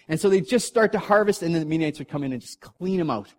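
Animated man telling a sermon story. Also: fairly high pitch, rapid-fire, hardly any pauses. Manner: animated, jokey, acts out characters.

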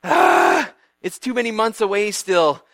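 A man's voice: high-pitched, sing-song, unhurried, vocal fry, fairly bright tone, dry recording, clean studio sound, pitched above the performer's own voice, exaggerated voice. A man voicing a gloating, scheming biblical villain in a gleeful, over-the-top way while retelling a story.

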